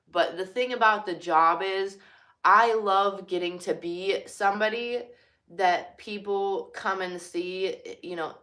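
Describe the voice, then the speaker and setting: A woman's voice: lowish voice, sharp tone. A young woman who works as a cashier talking casually and from the heart, full of "like" and "you know" fillers. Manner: chatty, filler-heavy, heartfelt. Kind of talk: casual personal talk.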